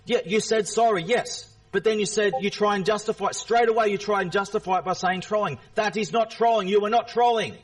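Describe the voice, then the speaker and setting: Angry high-voiced man ranting far from mic. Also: a little fast, hardly any pauses. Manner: confrontational, repetitive, swearing. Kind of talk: angry rant at a chat viewer.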